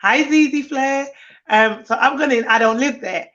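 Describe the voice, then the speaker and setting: A high-pitched woman speaking at normal speed, this nanny co-host tells lively stories in a casual chat and acts out children's voices. The stream audio is muffled and lo-fi.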